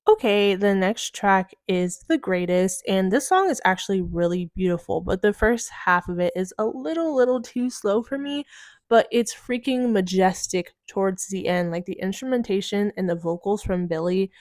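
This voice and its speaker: A woman's voice: mid-range voice, normal speed, a little mellow, no room sound, studio quality. A woman with a slight lisp from a retainer, chatting casually through an album review with lots of "like" and "um". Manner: chatty, many fillers like "like" and "um". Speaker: music reviewer.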